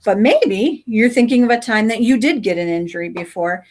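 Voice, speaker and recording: A woman teacher reading a story aloud and teaching her class in a friendly way, asking questions and dropping into soft asides. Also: a little high, lively intonation, moderate pace.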